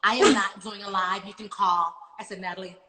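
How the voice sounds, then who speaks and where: Animated woman telling a story in an echoey room. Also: mid-range voice, moderate pace. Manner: animated storytelling, swearing, quoting others. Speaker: podcast host. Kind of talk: casual gossip chat. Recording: echoey room with faint noise.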